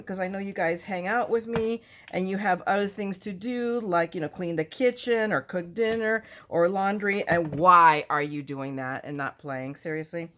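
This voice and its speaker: A woman's voice: on the low side, slight background noise. Chatty woman hosting a crafting tutorial. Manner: chatty, self-joking, rambling asides; loud talker. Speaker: card-making tutorial host. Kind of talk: casual crafting tutorial chat.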